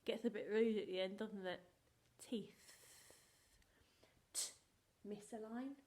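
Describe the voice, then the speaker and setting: A woman's voice: medium pitch, takes it slowly, long pauses, a little mellow. A woman teaching a phonics lesson to young children, sounding out letters and often dropping to a whisper. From England. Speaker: primary school teacher.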